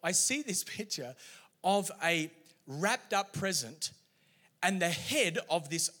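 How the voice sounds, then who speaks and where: A middle-aged man preaching a sermon, telling stories in an animated way. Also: sits high, takes it slowly. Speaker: pastor.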